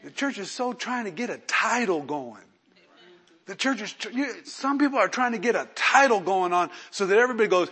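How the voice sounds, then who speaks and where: A man pastor preaching a sermon with animated swings between loud emphasis and quiet asides, acting out quotes. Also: high voice, brisk, slightly rough.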